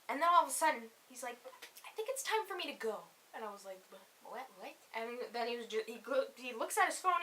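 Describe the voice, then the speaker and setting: A young woman telling a funny personal story for a comedy vlog, animated and full of swearing, acting out each quote. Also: high-pitched. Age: young adult. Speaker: comedy YouTuber. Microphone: camera mic.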